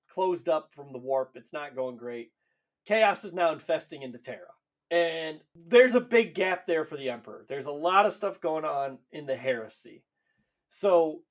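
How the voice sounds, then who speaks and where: A man co-hosting a podcast, telling stories in a laughing, profane, animated way. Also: on the high side. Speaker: podcast co-host. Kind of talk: casual chat.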